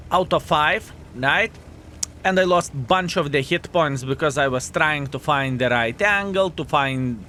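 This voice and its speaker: A man commentating his own video game match to viewers, animated and self-mocking, calling them fellas, with slightly non-standard English phrasing. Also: on the high side, a little hiss or hum. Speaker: video game player and channel host. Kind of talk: live gameplay commentary.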